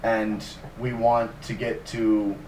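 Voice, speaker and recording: A curt, blunt militant leader, as a man puts him on in a retelling, talking low-key and flat. The sound is roomy, and the mic sits well back from him. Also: slow pace, recorded from a distance, a little hiss or hum. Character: curt male militant leader demanding escape.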